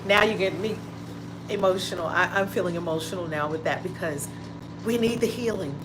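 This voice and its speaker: In noisy home livestream audio, a woman with a fairly low pitch speaks briskly as host. Broadcasting casually from a room with the window open, she calls out viewers by name with plenty of exclamations.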